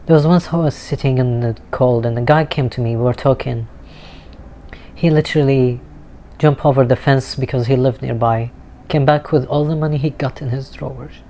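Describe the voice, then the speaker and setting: A man speaks candidly to his camera in an earnest, emotional monologue, dropping the odd swear word. His voice sits at an ordinary pitch. Faint outdoor noise hums behind him. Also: moderate pace, warm tone. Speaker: vlogger. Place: outdoors in a city with street music nearby.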